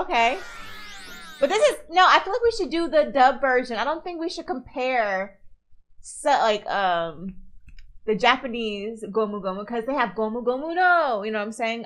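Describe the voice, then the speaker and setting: A woman streamer giving casual, animated reaction commentary and answering viewer comments as she goes. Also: on the high side, rough recording. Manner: chatty, reads viewer comments aloud, animated.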